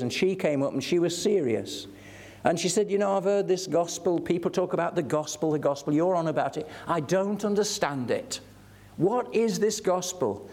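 A man's voice: a little high, darkish tone. An older man preaching a sermon, telling stories earnestly and building to fervent emphasis.

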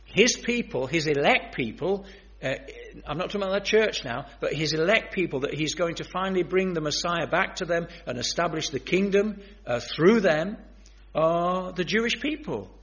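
A man's voice: a little high, expressive, normal speed, fairly bright tone. A man preaching a sermon in an earnest, emphatic way, speaking straight to his listeners. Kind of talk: sermon on biblical prophecy. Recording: dull lo-fi sermon recording.

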